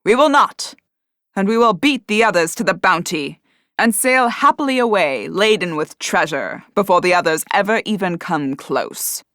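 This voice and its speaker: A woman voicing a bold pirate captain with a deep voice and a confident, commanding manner in an audiobook. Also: lively intonation, normal speed, a bit bright, dry recording, clean studio sound, natural voice. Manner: assured, commanding.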